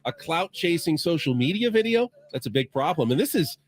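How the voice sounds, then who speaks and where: A middle-aged man co-hosting a sports radio show, briskly running through stats and story lines. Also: on the high side, sing-song, husky. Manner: brisk, listing facts and stats, dry. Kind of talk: sports talk radio banter. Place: radio studio.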